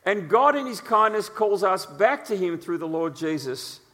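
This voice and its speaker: Aussie preacher guy, storytelling sermon, kinda high voice, lots of uhs, echoey hall. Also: normal speed. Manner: animated storytelling with frequent uh fillers.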